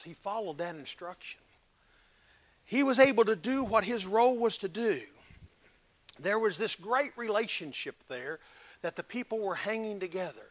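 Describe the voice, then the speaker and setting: A man preaching a sermon, emphatic, swinging between loud exhortation and hushed earnest talk. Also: high-pitched.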